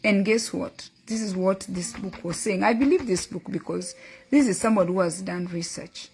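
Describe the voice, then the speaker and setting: A woman's voice: medium pitch, moderate pace, a little mellow, faint music behind. A middle-aged woman hosting a motivational talk, earnestly telling a story and quoting her son and a book. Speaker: host.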